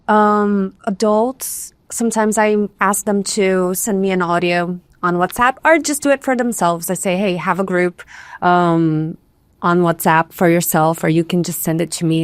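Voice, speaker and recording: A woman who is an English teacher of children, calmly describing her practical teaching methods in a casual podcast conversation. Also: on the low side, smooth, no room sound.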